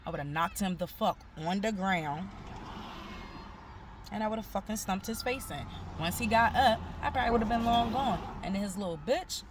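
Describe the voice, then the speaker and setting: A woman's voice: medium pitch, moderate pace, background noise. A woman, telling a profane story in a casual vlog and acting out the people she quotes. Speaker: vlogger. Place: outdoors.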